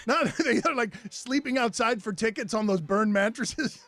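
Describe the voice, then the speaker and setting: A man's voice: extremely high pitch, moderate pace, bright, forceful tone, faint music behind. A man hosting a sports radio show, joking and laughing often. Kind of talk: casual radio chat.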